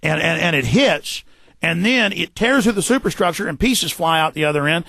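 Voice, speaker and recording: A man hosting a radio talk show, ranting fast and forcefully, tripping over repeated words. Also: a little high, lively intonation, gravelly, dry recording. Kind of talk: heated radio monologue. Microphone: studio microphone.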